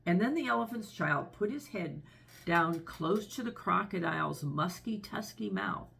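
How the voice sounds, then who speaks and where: A woman reading a children's story aloud with expressive, gentle storybook narration. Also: fairly low pitch, a little slow, creaky.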